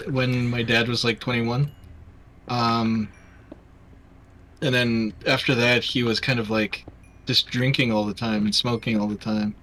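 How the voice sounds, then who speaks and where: A young Canadian man with a mostly Americanized accent and a bright, forward tone. He chats casually on a livestream, rambling through his thoughts with many fillers and restarts, and he sits at middling pitch for a man. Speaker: livestream host. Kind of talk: casual chat.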